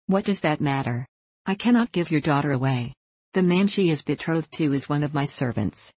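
A woman's voice: deep voice, lively intonation, moderate pace, a little mellow, husky, no echo. A woman reading aloud voices a bold, assured young prince who captains a ship in a fairy tale. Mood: accusing.

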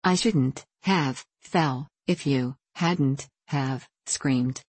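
A woman's voice: low-pitched, normal speed, a little mellow, no echo. A woman voicing an impulsive, clumsy little girl in a storybook reading.

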